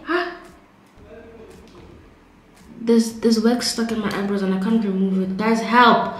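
Young woman vlogging in her bathroom, kinda high voice, lots of echo, chatty and loud. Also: expressive, normal speed. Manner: chatty, exclamatory, yelping in pain. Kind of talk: casual vlog narration. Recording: very echoey room, faint background noise.

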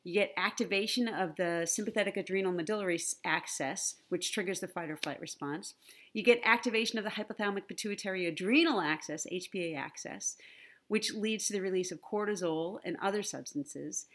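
A woman gives an online conference lecture over her slides in a friendly, teacherly way, often checking in with her listeners with "right?" and "okay?". Her voice sits in an ordinary middle pitch. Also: brisk, fairly bright tone. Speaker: conference speaker on the brain and language learning. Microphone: computer mic, online presentation.

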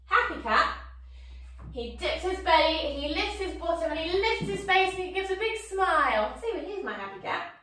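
A woman's voice: extremely high pitch, lively intonation, normal speed, a bit bright, echoey room, distant mic. A woman leading an online yoga class for young children, playful and sing-song as she calls out poses and games. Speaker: kids yoga teacher.

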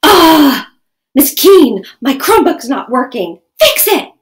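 A woman voicing a young girl student who is cranky and makes shrill, whiny demands. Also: big pitch swings, takes it slowly, a little hiss or hum, full character voice. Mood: whiny demanding. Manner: shrill whiny demands, then polite pleading.

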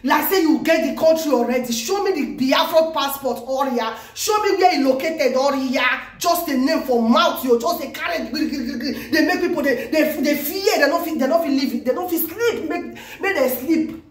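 Excitable high-voiced Nigerian woman. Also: normal speed, echoey room. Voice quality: animated, exclamatory, repeats herself. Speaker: vlogger. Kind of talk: excited news commentary vlog.

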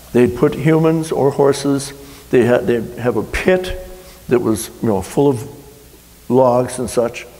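A man's voice: mid-range voice, warm tone. A middle-aged man, a pastor, preaching a sermon in a folksy, rambling storytelling way with frequent restarts. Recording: long hall reverb.

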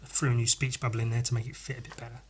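A man's voice: mid-range voice, flat delivery, racing, slight background noise. A man hosting a casual podcast, rambling and swearing as he pages through comics and reacts to the art. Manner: profane, rambling, enthusiastic. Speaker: podcast host reviewing comics. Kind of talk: casual chat.

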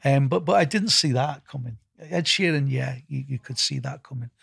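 A man's voice: medium pitch, normal speed, creaky, fairly bright tone, slightly rough, no room sound, studio quality. A middle-aged man with a Liverpool accent, being interviewed as a festival founder, rambling with lots of restarts and "you know". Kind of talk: casual interview talk.

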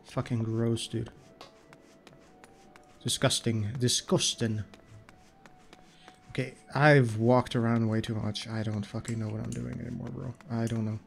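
A man's voice: mid-range voice, flat delivery, moderate pace, vocal fry, few pauses. A man with a stuffy, blocked-up nose, rambling and swearing as he plays a video game. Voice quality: nasal, blocked-up. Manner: profane, rambling, grumbling at the game. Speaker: gaming streamer. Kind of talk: casual gameplay commentary. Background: faint game music and keyboard typing.

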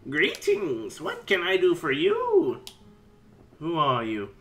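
Lively, excitable man doing game commentary. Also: a little high, takes it slowly. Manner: rambling and chatty, with sudden excited yelps. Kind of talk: casual let's-play commentary.

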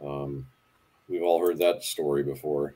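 A man hosting a fishing channel's live talk in a relaxed way, asking guests questions and reading out viewer questions. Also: extremely low pitch, measured pace. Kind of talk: casual live-stream chat.

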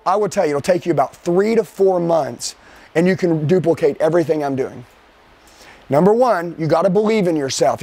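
A man leading a live sales training session for a team. He talks forcefully, keeps firing rhetorical questions at his listeners, and speeds up and slows down to drive points home. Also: high-pitched, dry recording.

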